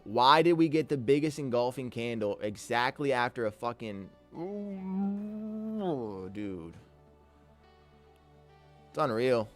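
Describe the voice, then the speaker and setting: A man giving live trading commentary, talking to himself about his trades, swearing a lot and sounding exasperated. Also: medium pitch. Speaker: day trader streaming live.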